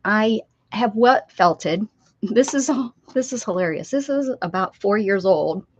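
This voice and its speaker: A woman's voice: mid-range voice, lively intonation, a little slow. An older woman hosting a casual craft livestream from her desk at home, chatting loosely and answering viewers as she works. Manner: chatty, reads chat aloud and answers viewers. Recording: slightly dull lo-fi stream audio.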